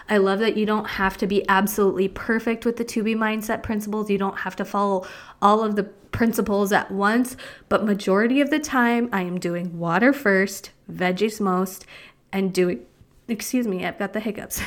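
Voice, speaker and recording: A middle-aged woman hosting a solo podcast, ranting casually and emphatically, with lots of "like" and "right?". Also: medium pitch. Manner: chatty, emphatic, frequent "like" and "right?". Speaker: podcast host and fitness coach.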